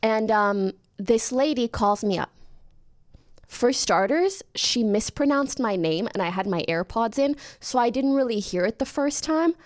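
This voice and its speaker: A woman from Canada, a streamer, telling a story in a casual, animated way and jumping into high voices when she quotes herself. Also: a little slow. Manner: animated, jumps into high-pitched voices for her own quoted lines.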